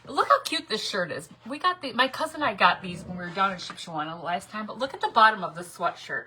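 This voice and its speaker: Middle-aged woman chatting on a craft livestream, bright voice, bit husky, greets everyone, laughs a lot. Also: mid-range voice, expressive, fast, few pauses. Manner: chatty, greets viewers by name, laughs often. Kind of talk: casual live-stream chat. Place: craft room at home.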